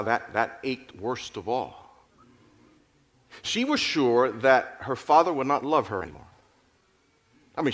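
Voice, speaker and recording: A man narrating a moral story in an expressive, dramatic storytelling manner. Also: mid-range voice. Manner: expressive, lively storytelling with restarts.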